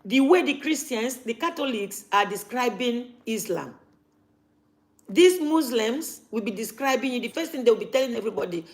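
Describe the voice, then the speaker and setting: A woman's voice: on the high side, expressive, normal speed. A woman, talking casually to camera as a vlogger and repeating her points for emphasis.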